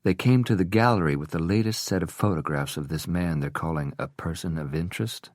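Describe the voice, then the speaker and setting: A man voicing a grieving widow who answers in a measured, pointed way. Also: low voice, no room sound, studio quality. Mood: cool, guarded. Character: grieving widow, guarded and cool.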